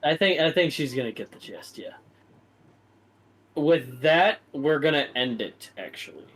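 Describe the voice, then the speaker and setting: A man's voice: on the high side, expressive, measured pace, fairly bright tone, low-quality recording. A man running a tabletop game as dungeon master, narrating in a loose, casual way.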